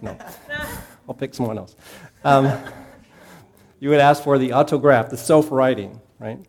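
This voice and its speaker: A man's voice: mid-range voice, measured pace, vocal fry. A man teaching a Bible class in a conversational way, asking the class questions and repeating his key points.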